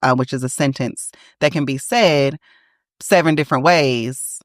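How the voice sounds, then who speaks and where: Low-voiced lady cohosting a podcast, chatty, laughs a lot, dry close sound. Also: measured pace, no echo. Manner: chatty, laughs often, emphatic. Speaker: podcast co-host. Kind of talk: casual chat.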